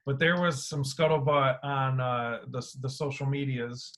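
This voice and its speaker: A man hosting a casual podcast, talking in an animated way with free swearing, his voice swinging between loud and quiet. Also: medium pitch, unhurried. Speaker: podcast host.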